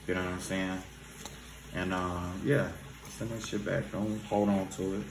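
A man's voice: low voice, little pitch movement, normal speed, background noise. A man giving spiritual advice in a loose, profane vlog, often tossing in "you know what I'm saying". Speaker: spiritual reader. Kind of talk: casual spiritual vlog talk. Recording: roomy echo.

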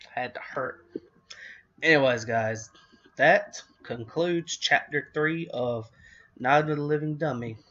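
A man who reads horror books aloud, signing off in a relaxed, rambling way. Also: medium pitch, lo-fi sound. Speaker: audiobook reader. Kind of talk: casual sign-off after a book reading.

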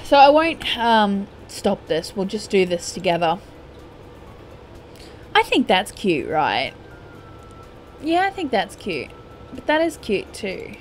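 A woman's voice: medium pitch, very animated, slow, long pauses, soft background music. A young woman, chatting casually as she plays a life-simulation game and playfully scolding her characters. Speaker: gaming YouTuber. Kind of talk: casual gameplay commentary.

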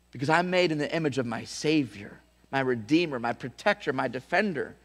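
A man's voice: medium pitch, expressive, fairly quick, long reverb tail. A man preaching a sermon as pastor, telling a story with restarts and repeated words, and building to emphatic calls to his church.

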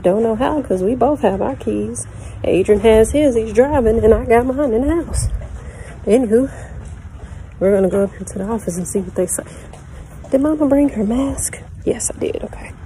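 A woman's voice: on the high side, moderate pace, dark tone, slight background noise. A woman vlogging at home, playful and laughing as she talks to her baby. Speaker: family vlogger. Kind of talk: casual home vlog.

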